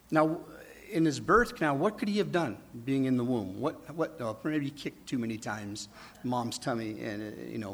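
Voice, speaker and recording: A man preaching a sermon in a conversational way, asking the congregation rhetorical questions and dropping to a hush for emphasis. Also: medium pitch, breathy edge. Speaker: pastor.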